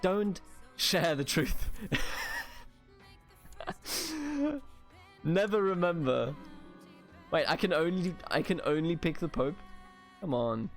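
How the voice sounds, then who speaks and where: Let's-play host, man from Germany, slightly high voice; exasperated, swears, self-mocking, faint game music behind. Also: unhurried. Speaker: gaming video host.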